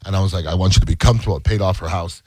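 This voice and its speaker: A man's voice: sits low, steady tone, rapid-fire, darkish tone, slightly rough, no echo. A man in casual chat, recalling a personal story with wry asides.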